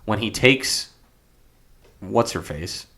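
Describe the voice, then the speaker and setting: A man's voice: fairly low pitch, lively intonation, slow, a bit bright. A man co-hosting a sports podcast, talking in a casual, rambling way with frequent hesitations. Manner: rambling, hesitant, many ums. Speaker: podcast co-host.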